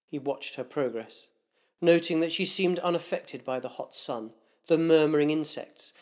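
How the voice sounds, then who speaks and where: A man reading a dark short story aloud, in a measured, deliberate narration. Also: a little high.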